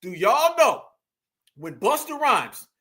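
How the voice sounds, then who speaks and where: A man with a very high, bright voice delivers animated commentary. He is emphatic and preachy, hammering each point home with repetition and rising to near-shouts. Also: takes it slowly. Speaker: commentary channel host.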